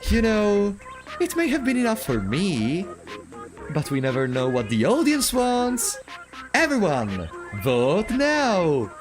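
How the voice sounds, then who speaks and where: A man's voice: high voice, huge pitch swings, slow, full character voice. A man voicing a sadistic game-show host in a taunting, theatrical, mock-cheerful way, with game music behind. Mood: gloating.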